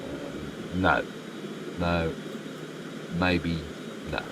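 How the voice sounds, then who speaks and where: Low, unhurried Australian man streaming. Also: fairly even intonation, background noise. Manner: chatty, muttering asides to the game. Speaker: game streamer. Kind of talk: live stream commentary, reading chat.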